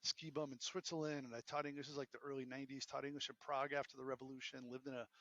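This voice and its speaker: A man in his fifties with a Boston accent, a podcast guest telling stories in a joking, animated way. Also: medium pitch, rapid-fire, no room sound, muffled recording. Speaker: podcast guest, entrepreneur and professor. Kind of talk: casual interview storytelling.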